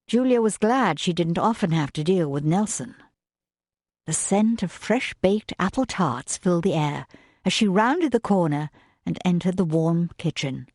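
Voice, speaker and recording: A woman reading a romance audiobook as narrator, in a measured, even tone. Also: on the low side, no echo, studio quality. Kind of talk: scripted narration.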